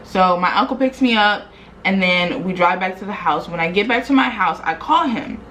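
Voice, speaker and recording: Animated young woman telling a story. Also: mid-range voice, normal speed, slight background noise, poor audio. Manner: animated, slangy retelling with lots of quoted dialogue. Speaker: vlogger. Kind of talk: casual storytime.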